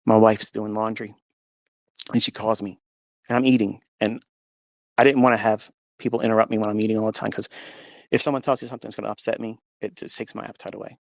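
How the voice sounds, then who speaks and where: A man earnestly telling a personal faith story in a live audio room, his telling animated and emotional. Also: on the low side, quick pace, creaky, dry recording. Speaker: speaker sharing a faith testimony. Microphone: phone in a live audio room.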